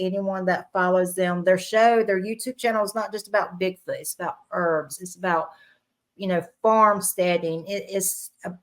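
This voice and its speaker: A woman with a fairly low voice hosting a casual podcast. She introduces her guest in an effusive, rambling way, with plenty of ums and restarts. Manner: warm, effusive introduction with many fillers. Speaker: podcast host.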